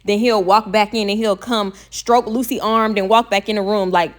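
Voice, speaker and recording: A young woman from telling a casual storytime, blunt and animated, and she swears freely. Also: mid-range voice, moderate pace. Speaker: vlogger.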